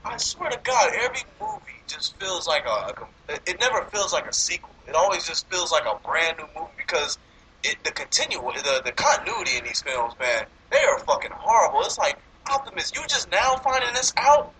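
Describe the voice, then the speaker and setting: Brief: high, very bright male voice, animated swooping delivery, casual profane movie rant, faint background noise. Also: fairly quick, poor audio. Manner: animated, profane, laughing often. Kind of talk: casual movie review chat.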